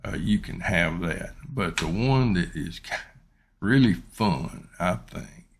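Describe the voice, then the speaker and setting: A man giving a casual microphone review, rambling and unhurried with many ums and uhs. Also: low-pitched, animated, a little hiss or hum. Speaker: YouTuber reviewing his microphone. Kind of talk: casual unboxing and product review.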